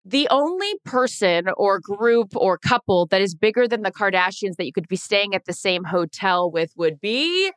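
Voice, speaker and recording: A woman co-hosting a podcast, chatting casually and telling a long story with lively asides. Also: medium pitch, normal speed, hardly any pauses, clear, resonant tone, no echo, clean studio sound. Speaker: podcast co-host. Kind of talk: casual chat.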